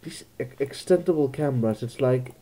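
Very dark-voiced man thinking aloud. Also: medium pitch, normal speed. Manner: musing, thinking aloud, jokey asides. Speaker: let's play gamer. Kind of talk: casual gameplay commentary.

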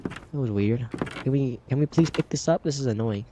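A man's voice: mid-range voice, normal speed, dark tone, slight background noise. A man commenting chattily as he plays a horror game, reading its dialogue aloud. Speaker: gaming channel host. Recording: slightly dull game recording with faint music.

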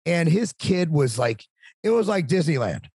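Chatty husky-voiced man telling stories. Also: on the high side, moderate pace, dry recording. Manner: talkative, animated, swearing. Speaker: podcast guest. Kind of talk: casual storytelling.

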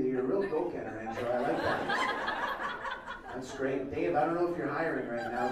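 Teasing male comedian in a roomy hall. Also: medium pitch. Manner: teasing, playful, quick banter with audience members. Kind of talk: improvised crowd work. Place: event hall with a laughing audience. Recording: roomy, distant mic with loud crowd laughter.

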